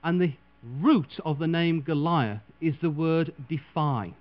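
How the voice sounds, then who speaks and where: A man preaching a sermon dramatically, acting out the people he quotes with big leaps in pitch and loudness. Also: unhurried. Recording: dull lo-fi recording with mains hum.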